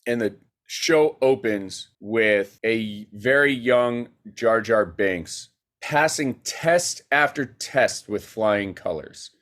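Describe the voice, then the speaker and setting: A man, a guest filmmaker, telling a story in a casual podcast chat, animated and rapid with many fillers. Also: on the low side.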